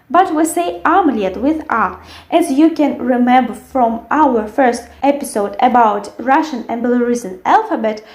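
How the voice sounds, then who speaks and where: A woman teaching a language lesson, carefully repeating words slowly for learners. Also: sits high, a little mellow. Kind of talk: language lesson with word drills. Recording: echoey room.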